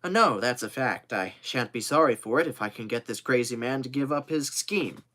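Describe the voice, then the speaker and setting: A man's voice: medium pitch, animated, fairly quick, pushed and bright. Man doing a stubborn, skeptical hunter.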